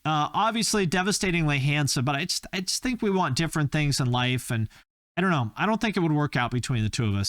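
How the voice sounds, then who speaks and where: A man's voice: fairly high pitch, expressive, quick pace, a bit bright, no room sound, clean studio sound. A man hosting a YouTube channel, rambling through a joking, casual commentary full of tangents. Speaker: YouTube host.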